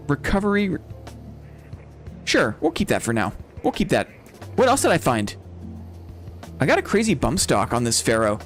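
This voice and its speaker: Man, young adult, streamer, rambling casual chat, lively swooping voice, soft music behind. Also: on the high side. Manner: chatty, rambling, addresses chat as brother. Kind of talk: casual gameplay chat to viewers.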